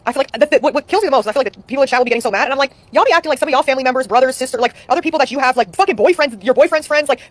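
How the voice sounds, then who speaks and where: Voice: sits high, very fast, hardly any pauses, a bit bright. A streamer in casual chat, rambling and swearing a lot.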